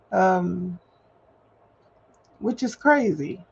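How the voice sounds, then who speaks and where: A woman's voice: a little high, lively intonation, slow, long pauses, a little mellow, slightly rough. A woman on a casual livestream, talking candidly and rambling, with emphatic repetition, while she prints paperwork at home. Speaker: livestream host. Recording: slightly dull livestream audio, faint hum.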